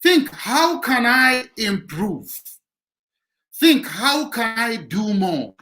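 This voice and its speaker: Male motivational speaker, preachy delivery, very animated intonation. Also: very high voice, drawn-out words, rough recording. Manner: preachy, repeats key lines for emphasis. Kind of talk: motivational talk.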